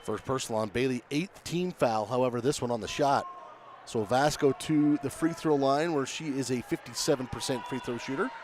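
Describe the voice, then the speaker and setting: Man, color commentator, conversational, explains strategy, mid-pitch, faint noise. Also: normal speed.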